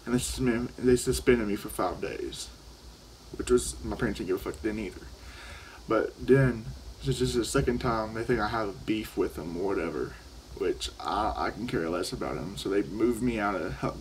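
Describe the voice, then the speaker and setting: A man's voice: lowish voice, moderate pace, a little hiss or hum, low-quality recording. A teenage boy telling a story in a casual vlog, rambling and profane, often restarting his sentences. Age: teens. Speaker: vlogger. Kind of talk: casual storytelling while vaping.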